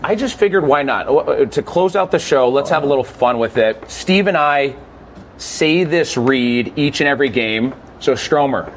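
A young man hosting a sports podcast, with a voice of ordinary middle pitch. He keeps things chatty and upbeat, and a faint noise sits under the recording. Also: expressive, moderate pace. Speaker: podcast host. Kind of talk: casual hosted sports podcast.

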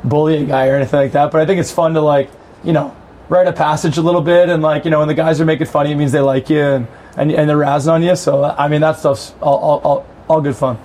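Easygoing higher-voiced hockey player. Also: male voice, fairly even intonation, quick pace, darkish tone. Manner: easygoing, rambling, heavy on fillers like "like" and "you know". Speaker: pro hockey player guest. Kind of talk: casual podcast chat.

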